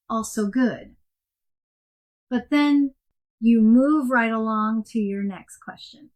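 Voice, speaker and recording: A woman giving a scripted coaching lesson in a clear, measured and emphatic way. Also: on the high side. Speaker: coaching instructor. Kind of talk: scripted instructional narration.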